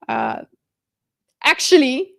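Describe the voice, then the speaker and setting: Her voice is high, creaky, and a bit bright as she mind-maps live for her stream audience, thinking out loud. Chatty with viewers, she wanders off track, breaks off mid-sentence to start again, and lets out quick laughs.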